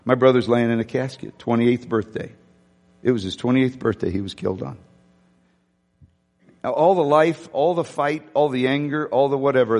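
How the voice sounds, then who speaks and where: A man preaching a sermon, telling a personal story candidly and emotionally, swinging from loud to hushed. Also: mid-range voice, big-room sound. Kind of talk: sermon testimony.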